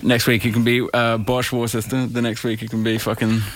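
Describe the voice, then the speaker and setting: A man's voice: mid-range voice, level tone, fairly quick, dry recording. A man co-hosting a podcast in casual, sweary, rambling chat. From Australia. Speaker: podcast co-host.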